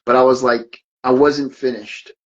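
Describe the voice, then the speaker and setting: A man hosting a podcast in a casual monologue, reading out messages in a halting way and often repeating words as he restarts. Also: mid-range voice, little pitch movement. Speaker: podcast host. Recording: dull lo-fi sound.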